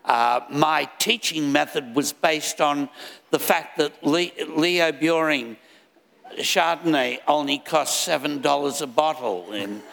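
A man's voice: on the high side, slow, gravelly, a bit bright, long reverb tail. An older man, a guest author speaking on a live stage with dry, wry humor. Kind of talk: live event speech.

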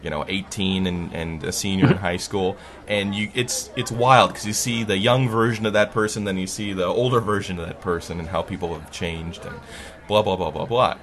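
A man's voice: sits low, normal speed, crowd noise. A man telling a story in a casual podcast chat, in a snarky, wry way, laughing often.

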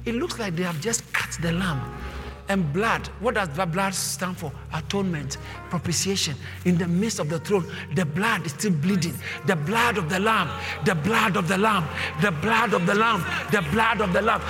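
A male pastor preaching with passion, swinging from low murmurs to shouted refrains and repeating phrases for emphasis. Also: moderate pace, in a large hall, soft background music. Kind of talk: sermon.

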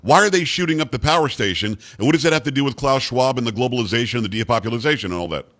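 Brash, fast-talking man hosting talk radio. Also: medium pitch, lively intonation, a bit bright. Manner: brash, blunt, interrupting. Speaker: radio talk show host.

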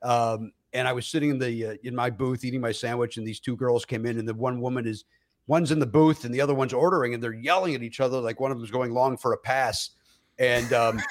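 A man, a comedian, telling stories in a casual podcast chat, with loud acted-out quotes, many fillers and restarts, and frequent laughter. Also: medium pitch, steady tone, fairly quick. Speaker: comedian guest.

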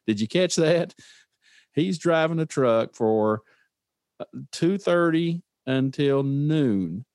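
A man's voice: a little high, a little mellow, no room sound, clean studio sound. A man hosting a motivational podcast, speaking earnestly, telling stories and putting questions to the listener. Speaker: podcast host. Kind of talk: motivational talk.

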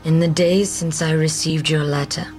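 A woman's voice: sits low, fairly even intonation, normal speed, a little mellow, soft background music, lightly acted. A woman playing a grave letter-writing warrior. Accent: wavering put-on British accent.

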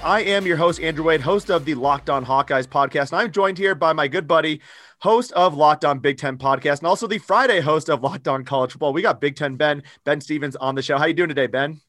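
Fast-talking brash man hosting a podcast. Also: fairly high pitch, fairly bright tone, soft background music. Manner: brash, opinionated. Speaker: podcast host. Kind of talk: casual sports podcast chat.

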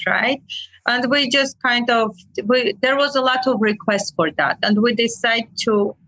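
A woman from Armenia with an Armenian accent, a clinic owner telling lively stories in casual, broken English during an interview. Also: on the high side, no echo, rough recording. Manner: animated storyteller, broken English, laughs often. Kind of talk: conversational interview.

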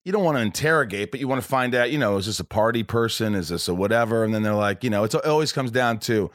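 A man's voice: lowish voice, lively intonation, fast, hardly any pauses, no room sound, clean studio sound. A man hosting a podcast in casual chat, rambling and profane with many restarts. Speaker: podcast host.

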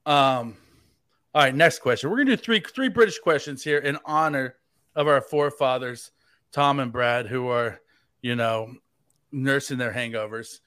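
A man's voice: medium pitch, normal speed, pushed and bright, dry recording, clean studio sound. An American man hosting a casual sports podcast, rambling and joking, with lots of "like". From United States. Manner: rambling and jokey, heavy use of "like". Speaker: fill-in podcast host.

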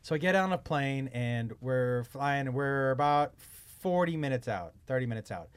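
With a clean tone, mid-range pitch and moderate pace, a male podcast co-host tells stories in casual conversation. He's an animated teller who swears freely and acts out what people said.

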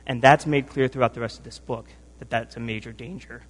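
A man's voice: mid-range voice, steady tone, brisk. A man preaching a sermon, emotional and tired from little sleep, talking earnestly with frequent restarts and "right?" tags. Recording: long hall reverb.

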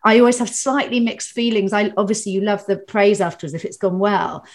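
A woman's voice: mid-range voice, steady tone, fairly quick. A woman from Britain, a comedian and corporate speaker, chatting casually with fillers and restarts. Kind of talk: casual conversation.

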